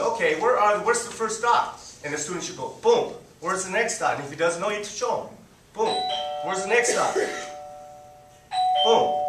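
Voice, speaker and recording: A man teaching a group how to guide visually impaired students, repeating "boom" to mark each point as he demonstrates. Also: fairly bright tone, a little hiss or hum. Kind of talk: live demonstration talk. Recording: echoey room, speaker far from mic.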